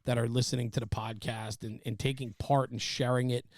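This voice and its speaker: A man's voice: medium pitch, level tone, fairly quick, a little mellow, no echo, clean studio sound. A man hosting a podcast, chatting casually and rambling with lots of fillers. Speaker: podcast host.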